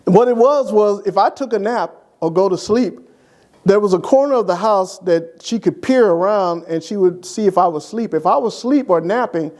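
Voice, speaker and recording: A man's voice: high voice, moderate pace. An older man, a church deacon, telling humorous, affectionate stories about his late wife to an interviewer. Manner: lively, animated anecdote telling to an interviewer. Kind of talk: humorous memorial storytelling.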